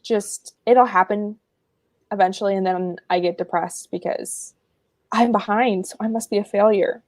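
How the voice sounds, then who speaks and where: A woman's voice: medium pitch, steady tone, moderate pace, a little mellow, no echo. A woman guest on a casual livestream who agrees readily and talks through her thoughts.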